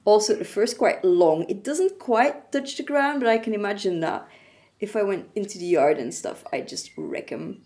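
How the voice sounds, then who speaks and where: A woman's voice: medium pitch, big pitch swings, moderate pace, darkish tone. A woman vlogger chatting casually to her camera, playful and chatty, laughing often and sighing for effect. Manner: chatty and playful, with frequent laughs and dramatic sighs. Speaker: craft vlogger. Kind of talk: casual vlog chat to camera.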